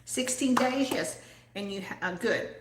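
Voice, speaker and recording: A woman's voice: a little high, measured pace, noisy background. Giggly older woman chatting in an echoey room. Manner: giggly, chatty, reads out viewer comments. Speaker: host of a lifestyle channel for mature women. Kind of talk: casual live chat with viewers.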